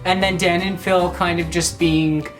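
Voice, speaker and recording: A woman answering fan questions in a casual vlog, rambling, jokey and excitable. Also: lowish voice, unhurried, faint music behind.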